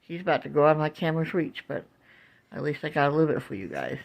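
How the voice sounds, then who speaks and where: A woman's voice: sits low, quick pace, vocal fry. A woman vlogging from home on a phone camera, narrating out a window to her viewers. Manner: animated, coos and exclaims, talks to viewers as "guys". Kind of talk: casual home video narration.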